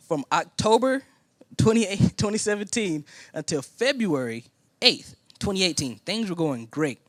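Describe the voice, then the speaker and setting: A man's voice: high voice, normal speed, no echo. A man from Indiana preaching a sermon as a personal story, acting out the other people in it. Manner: animated storytelling, acting out quoted voices. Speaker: pastor.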